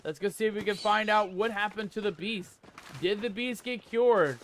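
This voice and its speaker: High-voiced man hosting a gameplay video. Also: moderate pace, a bit bright, slight background noise. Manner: playful pirate-style banter. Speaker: gaming channel host. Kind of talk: gameplay commentary.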